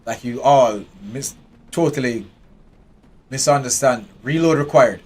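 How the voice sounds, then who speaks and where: A man's voice: medium pitch, unhurried. A man giving live commentary while playing a strategy game, chatting and talking to his game characters. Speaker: game streamer.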